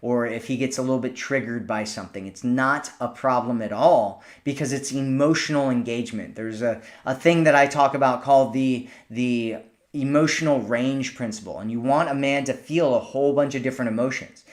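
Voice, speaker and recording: A man's voice: mid-range voice, a little fast. A man working as a dating coach, giving casual advice in a conversational way, with frequent restarts and playfully acted example lines. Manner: conversational, repeats himself, acts out sample lines.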